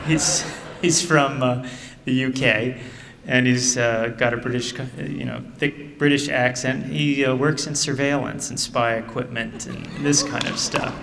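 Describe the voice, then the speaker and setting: A middle-aged man, an author speaking at a book event, reading aloud in measured tones and then telling a casual story full of fillers. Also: medium pitch, steady tone, creaky, a bit bright, slight background noise. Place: theater stage. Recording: distant mic in a reverberant theater hall.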